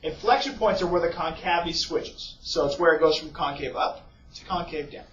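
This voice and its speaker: A man's voice: fairly high pitch, a little fast, fairly bright tone. Casual male teacher in an echoey classroom. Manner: casual, keeps checking in with "okay?" and "right?". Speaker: math teacher. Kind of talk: classroom lecture. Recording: echoey, distant, muffled classroom recording.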